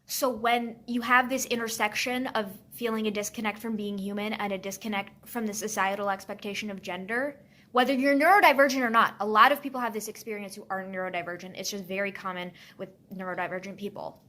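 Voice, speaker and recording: A woman's voice: medium pitch, flat delivery, fairly quick, sharp tone. A woman in a social media clip, earnestly explaining things in a casual monologue, blunt at times.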